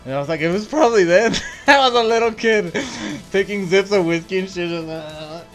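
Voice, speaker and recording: A man's voice: high voice, moderate pace, fairly bright tone, faint music behind. A man co-hosting a casual podcast, telling crude stories with lots of swearing and laughter. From El Paso, Texas. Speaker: podcast co-host. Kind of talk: casual chat, crude storytelling.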